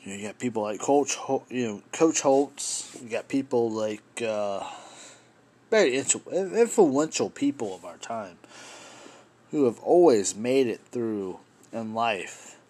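A man hosts a solo political podcast, delivering an impassioned, rambling rant in which he swears and calls his listeners "folks." His voice is medium-pitched, expressive, slow and mellow.

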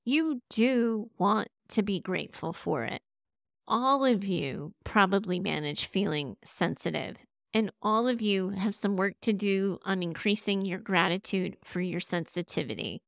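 A woman's voice: medium pitch, measured pace, creaky, dry recording, clean studio sound. A woman hosting an advice podcast, talking straight to her listeners with the odd laugh. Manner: warm direct advice, speaking straight to listeners; laughs now and then. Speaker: podcast host.

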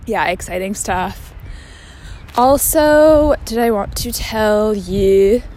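A woman's voice: medium pitch, a little mellow. A young woman from Canada, rambling through a casual vlog update full of fillers and slangy asides. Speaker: vlogger. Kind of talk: casual chat.

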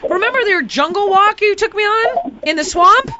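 Animated high-voiced woman telling a story. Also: moderate pace. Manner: dramatic, laughing, shrieks when quoting herself. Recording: dull lo-fi audio with background noise.

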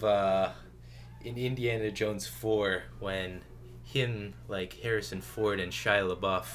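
A man hosts a podcast in relaxed, casual chat. His voice sits fairly low, and his laid-back remarks often trail off into quieter asides. A faint hum of room ambience lies underneath. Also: takes it slowly. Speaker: podcast host.

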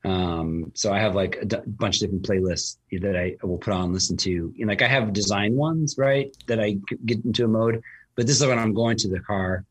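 A man's voice: fairly low pitch, fairly quick, breathy edge. A man talking casually as a host, telling a long story with lots of fillers and restarts. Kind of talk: casual conversation.

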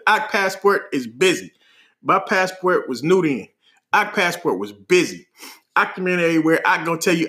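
A man from Oakland with a Bay Area accent tells a story casually on a podcast. His voice sits a bit high for a man. He talks in a lively, slangy way and laughs often as he goes. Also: moderate pace. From Oakland, California. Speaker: podcast host.

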